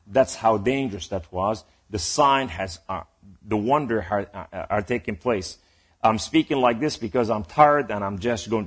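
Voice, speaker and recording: Husky-voiced male preacher, emphatic sermon. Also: lowish voice, normal speed. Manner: rambling and emphatic, rising to exhortation.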